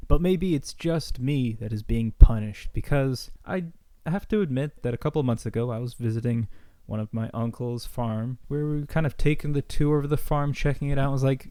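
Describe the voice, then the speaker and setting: A young man telling a comic story in a deadpan, mock-serious rambling way, like a vlogger's monologue. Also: medium pitch, brisk, dry recording. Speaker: comedy vlogger.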